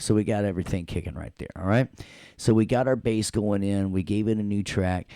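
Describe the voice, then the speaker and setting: A man from Tennessee with a Southern accent teaches a casual class, joking as he goes and throwing in sound effects in a playful way. His voice is low and mellow, and the recording is dry.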